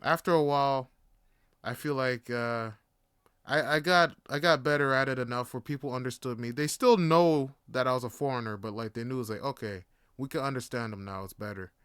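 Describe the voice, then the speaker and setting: A man's voice: medium pitch, normal speed, fairly bright tone, clear, resonant tone, no echo, clean studio sound. A young man from Canada hosting a podcast, talking in a laid-back, rambling way full of fillers and swearing. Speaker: podcast host. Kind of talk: casual monologue.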